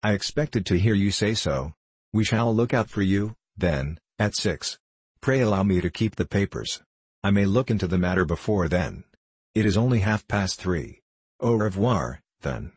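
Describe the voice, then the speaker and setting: A man reading the part of a cool, reasoning detective, with a precise, measured, detached delivery. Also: low-pitched, animated, a little mellow, husky, no echo. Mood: brisk. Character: cool, reasoning male detective, middle-aged.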